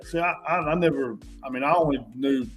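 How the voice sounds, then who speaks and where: A man's voice: fairly high pitch, brisk, soft background music. A man guest chatting casually, teasing and laid-back, sometimes stammering. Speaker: guest player. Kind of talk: casual chat.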